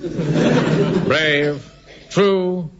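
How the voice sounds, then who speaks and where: A man's voice: a little high, drawn-out words. A man playing a pompous, self-important middle-aged bank manager who also leads a platoon, blustering in a radio sitcom. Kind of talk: 1970s radio sitcom acting. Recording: hissy, dull old radio recording.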